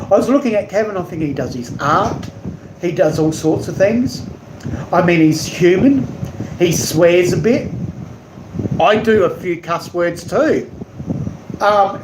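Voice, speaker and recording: A rambling man talks casually on his live stream, wandering from point to point and tripping over words. His voice sits high for a man. The room is echoey, with a loud air-conditioner hum behind him. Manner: rambling, warm, digressive, stumbles over words. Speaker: live-streaming artist and channel host. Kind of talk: casual live-stream chat reading out viewer comments.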